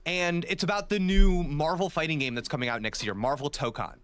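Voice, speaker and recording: A man guest on a podcast, chatting casually and telling things in an animated, eager way. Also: fairly high pitch, a little fast, smooth, dry recording. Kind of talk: casual chat.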